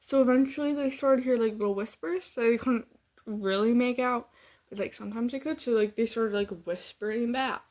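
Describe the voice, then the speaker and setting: A woman's voice: a little high, a little fast, a little mellow. A woman from Michigan with a Midwestern accent, casually telling a story to her camera in a rambling way full of fillers and restarts. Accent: Midwestern American. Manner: rambling, heavy use of "like" and restarts. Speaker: vlogger.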